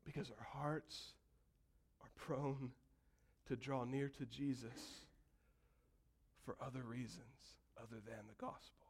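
A man preaching a sermon, telling the story vividly and acting out voices, building from quiet to loud calls. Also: mid-range voice, steady tone, slow pace, pauses often, breathy edge. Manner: storytelling preacher, acts out quotes and builds to shouts. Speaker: pastor.

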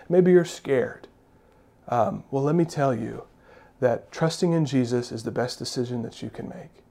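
Preaching emphatically, a man serving as pastor repeats his main phrases and asks the congregation rhetorical questions. His voice is medium-pitched with a dark tone.

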